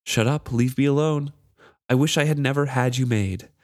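Man voicing a desperate pirate captain, strained, pleading, raised pitch. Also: moderate pace, dry recording, studio quality, lightly acted.

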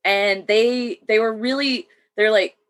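A woman's voice: on the high side, slow. Profane woman veteran telling war stories. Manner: profane, animated, acts out quoted dialogue. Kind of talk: casual storytelling chat.

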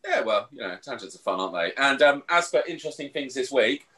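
A man co-hosting a podcast, telling stories in a sweary, animated casual chat. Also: mid-range voice, fast. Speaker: podcast co-host.

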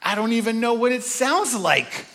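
A man delivers a sermon in a high, lively voice that swings widely in pitch. He hammers points home with repetition and rhetorical questions. His bright tone rings through a church hall with a long tail of reverb. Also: moderate pace. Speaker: guest preacher.

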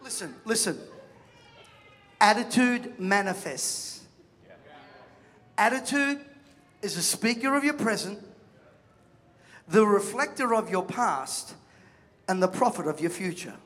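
Man, sermon, animated storyteller, bright tense voice, long hall reverb. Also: high voice, takes it slowly, long pauses. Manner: animated storytelling, acts out voices, jokes with the crowd. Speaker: preacher.

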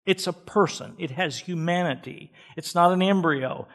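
A man's voice: high voice, normal speed, creaky, fairly bright tone. Emphatic male pastor preaching a sermon. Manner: emphatic, repeats key words. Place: church.

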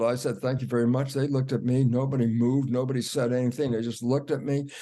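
Older male guest, an animated storyteller who acts out his quotes. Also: medium pitch. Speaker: guest, cell biologist. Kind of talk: storytelling in an interview.

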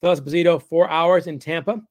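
Wry, animated middle-aged male author. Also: fairly high pitch, a little fast, dry recording. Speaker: guest author. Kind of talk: casual interview chat.

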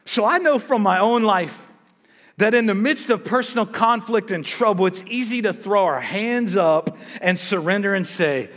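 High-voiced preacher in an echoing hall. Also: male voice, normal speed. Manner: energetic, exhorting, joking with the congregation. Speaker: pastor. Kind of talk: sermon. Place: church sanctuary. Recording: reverberant church hall.

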